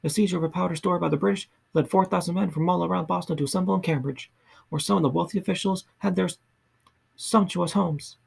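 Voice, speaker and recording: A man reading a history book aloud in a soft ASMR style, slow and halting, often stumbling and restarting words. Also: high-pitched, fairly even intonation, gravelly, husky. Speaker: ASMR reader.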